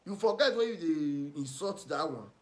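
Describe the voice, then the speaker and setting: Nigerian pidgin guy ranting gossip, mocking and scolding, kinda high voice. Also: expressive, moderate pace. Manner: mocking, scolding, swings loud and soft. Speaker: online commentator.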